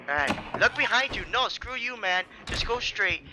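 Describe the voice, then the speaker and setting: A man playing a horror game, joking around and shouting in mock panic as he commentates. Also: high voice, lively intonation, moderate pace, background noise. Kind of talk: let's play commentary.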